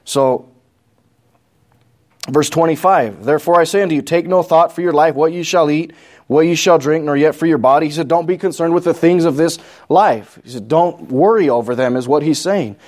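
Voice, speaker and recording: A man's voice: a little high, moderate pace, darkish tone. A man with a New Mexican accent teaching a Bible study sermon, reading scripture aloud and explaining it plainly with questions to the congregation. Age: adult. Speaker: pastor.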